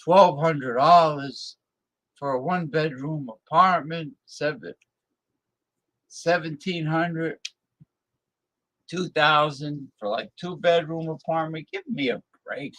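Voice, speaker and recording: A man's voice: a little high, slow, long pauses, fairly bright tone. A man hosting a live-stream talk show, ranting bluntly and scornfully as he reacts to his viewers' chat.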